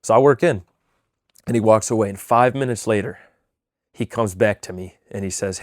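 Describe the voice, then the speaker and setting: A man's voice: fairly low pitch, normal speed, long pauses, no echo, studio quality. A young man giving a casual motivational talk to camera, telling a story earnestly with fillers and restarts. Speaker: vlogger giving weekly motivation.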